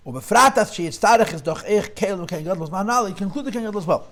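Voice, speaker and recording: Man, Torah class lecture, high voice, questioning. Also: expressive, fast, fairly bright tone. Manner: mixes English with Yiddish and Hebrew terms, questioning. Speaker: Talmud class teacher.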